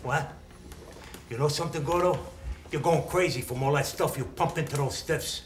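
A man with a fairly high, natural voice plays a brash young loan shark at a moderate pace, trading insults and barking orders. He's blustering and quick-tempered, bossy and insulting before turning soothing. The room sounds echoey, with slight background noise.

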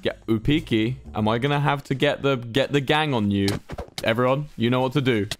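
A man's voice: mid-range voice, brisk, soft background music. A young man in his twenties hosting a live-streamed game event, playfully bossing players around and reading their signs aloud.

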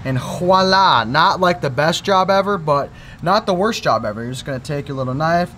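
A young man chatting excitedly to viewers while fishing and cleaning fish outdoors, calling them folks and boys. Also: a little high, moderate pace, slight background noise. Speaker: fishing vlogger. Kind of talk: casual outdoor vlog tutorial.

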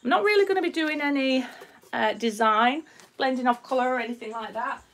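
A high-pitched, fairly bright voice talking fairly quickly belongs to this Yorkshire woman, whose accent carries a slight Australian twang. As a resin artist on a live stream, she shows off her craft, says hello to viewers, and reads their comments aloud in a casual way.

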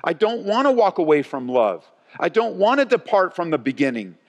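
Lively pastor preaching in a reverberant hall. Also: male voice, high voice, moderate pace. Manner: animated, swings between loud and hushed. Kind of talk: sermon. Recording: long church hall reverb.

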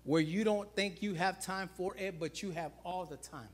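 In this sermon, a male pastor at normal speed calls out to the congregation with animated energy. He moves between loud calls and low, quiet emphasis, often repeating "watch this" and "guys."

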